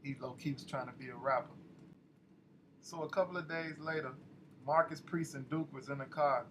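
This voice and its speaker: A man's voice: on the high side, steady tone, moderate pace, fairly bright tone, a little hiss or hum, rough recording. A man narrating a story in a loose, slangy, conversational way. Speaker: audiobook narrator.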